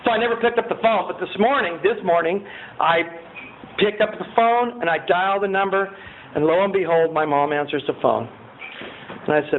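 A man giving a personal testimony at a recovery meeting. He tells his story in an animated way, swinging from loud excitement to quiet earnestness. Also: sits high, a little fast. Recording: tinny lo-fi recording with faint hiss.

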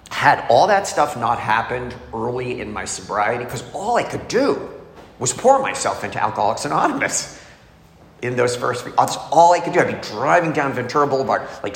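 A man's voice: mid-range voice, a bit bright. A middle-aged man telling his recovery story in a candid, confessional way, as a speaker at a meeting. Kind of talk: personal testimony talk. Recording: echoey hall, faint noise.

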